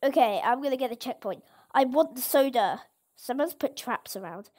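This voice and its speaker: A woman host giving casual gameplay commentary, excitable and exclaiming at each surprise. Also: high-pitched, normal speed. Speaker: gaming channel host.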